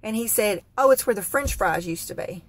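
A woman's voice: mid-range voice, lively intonation, fairly quick, no echo. A woman delivers a theatrical, exasperated comic rant. Her delivery swells and sighs as she plays up her frustration. The sound is dry and close, with no room around it. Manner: exasperated, dramatic storytelling with Southern expressions. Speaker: comedic vlogger.

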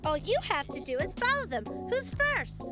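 A woman's voice: extremely high pitch, big pitch swings, normal speed, over loud music. A woman voicing a scatterbrained adult dog trainer in a cartoon who keeps mixing up her words. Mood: flustered.

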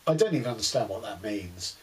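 A man's voice: on the low side, animated, fast talker, a little mellow, rough recording. A man giving a casual book review, wry and exasperated, with many fillers.

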